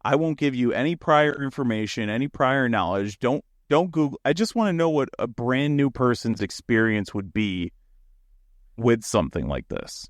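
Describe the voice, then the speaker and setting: A man's voice: medium pitch, lively intonation, moderate pace, no echo. A man co-hosting a podcast in casual chat, talking with enthusiasm, rambling a little and often laughing. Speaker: podcast co-host.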